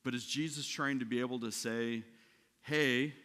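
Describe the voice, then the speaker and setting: Man, pastor, sermon, bright forceful voice, conversational, long hall reverb. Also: medium pitch, fairly even intonation, a little fast. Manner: conversational preaching with frequent "right?" and restarts. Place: church sanctuary.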